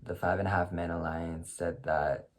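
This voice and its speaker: A man's voice: low voice, flat delivery, normal speed. A man contestant explaining his vote in a matter-of-fact confessional. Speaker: game contestant. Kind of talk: confessional monologue.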